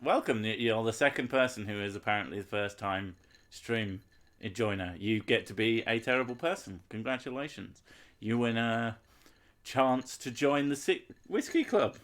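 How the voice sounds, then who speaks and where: A man's voice: medium pitch, normal speed, fairly bright tone. A man, chatting casually and rambling on a live stream, swearing freely and joking at his own expense. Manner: rambling, sweary, self-mocking humour. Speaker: game streamer.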